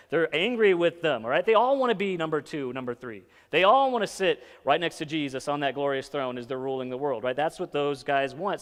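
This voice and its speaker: In a church hall with a long reverb tail, a pastor with a somewhat high voice preaches in a relaxed, conversational way. He keeps checking in with "right?" and "okay?" and briefly acts out the disciples' lines in quick asides.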